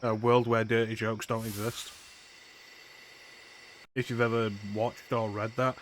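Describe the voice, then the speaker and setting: A man's voice: on the low side, flat delivery, a little slow, a little hiss or hum. A man streaming a video game, making sarcastic, crude jokes in casual commentary.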